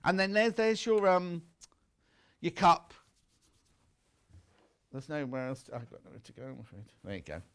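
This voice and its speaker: A man's voice: on the high side, big pitch swings, normal speed, pauses often, clear, resonant tone. A man hosting a live shopping channel show from a TV studio, showing products in a chatty, teasing way.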